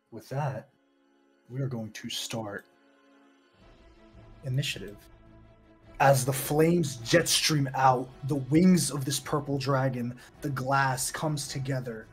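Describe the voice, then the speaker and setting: A man running a tabletop game as game master, his mid-pitched voice laying out the scene in measured, descriptive narration. He paces the story steadily. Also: fairly even intonation, faint music behind.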